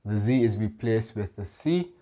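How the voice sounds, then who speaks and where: Here a Spanish tutor, speaking at a fairly low pitch with an expressive, dark tone, patiently lays out the rules of the language. He checks understanding with "okay?" and often stops to correct himself mid-sentence.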